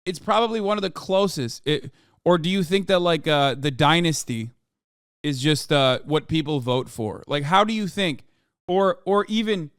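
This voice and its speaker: A man's voice: a little high, normal speed, clean tone, no echo, studio quality. Profane ranting man streaming to chat. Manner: profane, ranting, swings from mumbling to yelling. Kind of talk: livestream commentary, reading chat.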